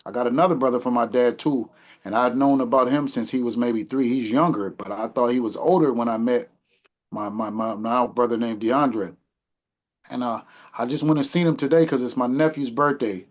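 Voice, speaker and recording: Podcast guest, man in his 40s, middle pitch, earnest and reflective, speaks softly at times. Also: moderate pace, lo-fi sound. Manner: earnest, reflective, drops quieter at the ends. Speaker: podcast guest, community mentor. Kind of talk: casual conversation.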